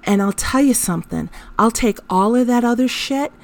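A woman's voice: on the high side, lively intonation, normal speed, creaky. A woman hosting a podcast, telling a personal story in a candid, emotional way, with frank swearing and laughter through her telling. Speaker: podcast host.

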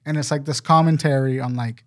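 A man's voice: medium pitch, fairly even intonation, brisk. A man chatting casually with friends about video games, rambling and swearing now and then. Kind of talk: casual chat.

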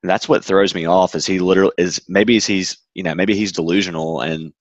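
Very deep voiced guy giving his take on the show, kinda muffled lo-fi sound. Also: steady tone, brisk, no echo. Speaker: podcast co-host. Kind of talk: casual sports chat.

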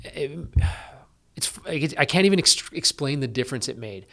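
A man's voice: medium pitch, gravelly. A middle-aged man from Canada, a police officer guest, talking in a casual interview with lots of fillers and restarts. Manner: energetic, quick, with many fillers and restarts.

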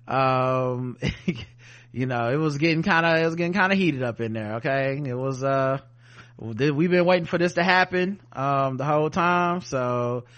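A man co-hosting a podcast recaps a TV episode in casual conversation. His voice sits at an ordinary, mid-range pitch. He talks in a laid-back, profane and animated way. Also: moderate pace, dull audio. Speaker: podcast co-host.

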